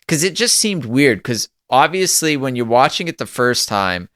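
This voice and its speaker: A man's voice: mid-range voice, big pitch swings, normal speed, a bit bright, dry recording, clean studio sound. A man co-hosting a podcast, opinionated, talking in long run-on explanations. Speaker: podcast co-host. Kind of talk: casual chat.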